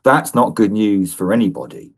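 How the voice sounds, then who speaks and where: A man from a think tank, a guest on a live radio interview, speaking in a thoughtful, measured, lightly wry way. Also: lowish voice, breathy edge.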